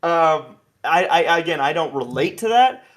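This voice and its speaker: A man's voice: on the high side, animated, moderate pace, a bit bright. A man hosting a podcast, chatting casually and animatedly with many restarts and asides. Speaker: podcast host.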